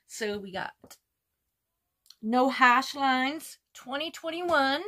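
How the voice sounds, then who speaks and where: Doing a makeup tutorial from home, a beauty vlogger in her fifties chats easily and enthuses about the colors. Her slightly high voice sometimes softens into a whisper.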